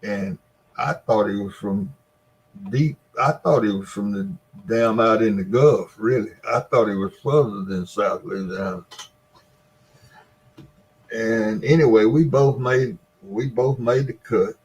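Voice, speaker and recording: A man's voice: on the low side, darkish tone, low-quality recording. A man telling rambling stories from experience in casual chat. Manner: slow, rambling storytelling.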